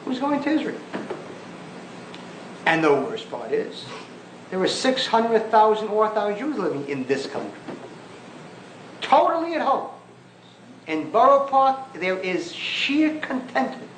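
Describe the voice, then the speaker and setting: Male rabbi, high lively voice, emphatic and scornful, lecturing in a roomy hall; old archival lecture recording. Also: a little slow, long pauses, a little hiss or hum. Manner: emphatic, mocking, rhetorical questions. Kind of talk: impassioned public lecture.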